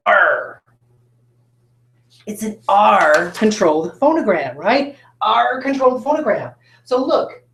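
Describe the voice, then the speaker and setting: A woman teacher giving a recorded phonics lesson, patiently asking questions and answering them herself. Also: mid-range voice. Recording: echoey room.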